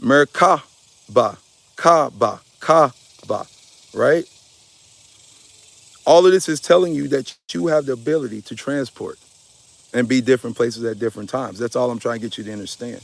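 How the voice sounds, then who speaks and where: Gravelly-voiced dude going off on a spiritual rant, mid-pitched, swears a bit, keeps asking y'all if you feel him. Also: male voice, moderate pace. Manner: emphatic, preachy, addresses listeners as y'all; swearing, casual slang. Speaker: spiritual speaker. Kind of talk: impassioned spiritual talk to an audience.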